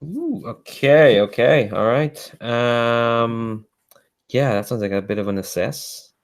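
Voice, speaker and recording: A man narrating a tabletop game as game master, relaxed and hesitant, with many fillers. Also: medium pitch, slow pace.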